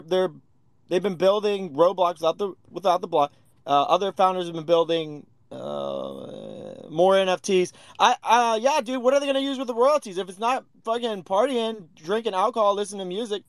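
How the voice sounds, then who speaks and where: A man with a high voice jokes and swears through a casual chat. The sound is dry and close, with no room echo. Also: fairly quick. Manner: profane, joking.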